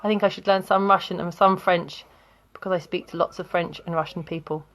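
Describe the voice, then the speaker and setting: A woman's voice: lowish voice, fairly even intonation, a little fast, a bit bright. Chatty woman teaching grammar. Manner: chatty, friendly, asks students questions, laughs often. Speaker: English teacher. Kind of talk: live online grammar lesson.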